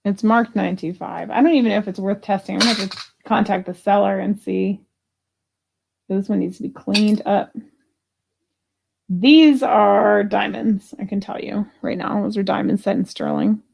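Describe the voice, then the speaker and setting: Woman selling jewelry live, gravelly voice, rambly and chatty, grumbles a bit. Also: mid-range voice, fairly even intonation, normal speed, darkish tone, slight background noise. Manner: chatty, thinks aloud, grumbles. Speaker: jewelry reseller hosting a live sale. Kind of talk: casual live selling chat.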